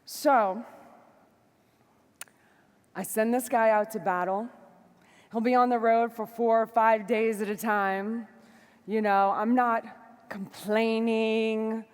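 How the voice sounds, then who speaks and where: A woman giving a motivational stage talk to a live audience, fiery and emphatic, moving between shouts and soft asides. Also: on the high side, steady tone, takes it slowly, pauses often, smooth, big-room sound. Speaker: motivational speaker. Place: large hall before a live audience.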